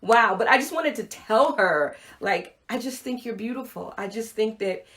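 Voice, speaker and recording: A middle-aged woman giving a motivational livestream talk, telling a personal story with animated acted-out dialogue. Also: on the high side, moderate pace. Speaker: motivational speaker. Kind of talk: Facebook Live talk to viewers.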